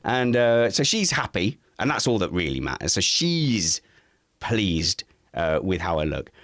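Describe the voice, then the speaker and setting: A man's voice: measured pace, dry recording, studio quality. A man, chatting casually at home and telling family stories while acting out the voices of others. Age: 40s. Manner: animated storyteller, acts out family members in high voices. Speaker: podcast co-host. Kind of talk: casual chat.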